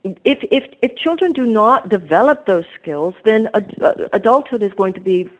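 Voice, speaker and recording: A woman author sits for an interview in a voice that is neither high nor low. She talks in an earnest, reflective way, settling into long personal stories. Her tone stays plain and conversational. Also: expressive, normal speed, muffled recording.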